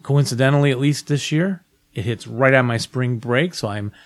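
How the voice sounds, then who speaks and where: Upbeat chatty male podcast co-host, mid pitch. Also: moderate pace. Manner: upbeat, chatty, reads letters aloud. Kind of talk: casual chat.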